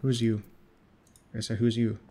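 A man's voice: mid-range voice, level tone, a little slow, mellow, a little hiss or hum. A man with a stuffy, blocked-up nose, rambling and swearing as he plays a video game. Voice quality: nasal, blocked-up. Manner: profane, rambling, grumbling at the game. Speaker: gaming streamer. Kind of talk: casual gameplay commentary. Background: faint game music and keyboard typing.

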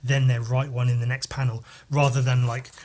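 A man hosting a podcast, over-caffeinated and chatting casually while flipping through comics. He rambles and swears, with jumpy, excited talk. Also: fairly quick. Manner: wired, rambling and profane, jumping in pitch. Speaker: podcast host and comic artist.

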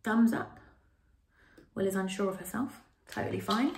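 A woman's voice: mid-range voice, moderate pace, a little mellow, echoey room, recorded from a distance, a little hiss or hum. A woman leading an online yoga class for young children, playful and sing-song as she calls out poses and games. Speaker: kids yoga teacher.

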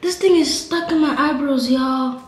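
Young female vlogger, chatty and exclamatory, slow delivery, very echoey bathroom. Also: high voice. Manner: chatty, exclamatory, yelping in pain. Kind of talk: casual vlog narration. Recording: very echoey room, faint background noise.

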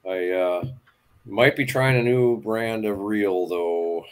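A man hosting a fishing channel's live talk in a relaxed way, asking guests questions and reading out viewer questions. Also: lowish voice, takes it slowly, clear, resonant tone. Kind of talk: casual live-stream chat.

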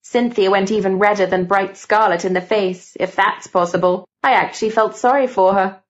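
A woman narrating a young-adult novel in the first person with steady storytelling. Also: medium pitch, moderate pace, muffled recording. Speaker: audiobook narrator.

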